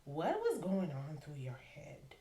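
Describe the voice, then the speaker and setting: Woman, podcast host, halting with stammered restarts, lowish voice, roomy echo. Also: wildly swooping pitch, dark tone. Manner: halting, stammered restarts while framing questions. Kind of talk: interview conversation. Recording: echoey room.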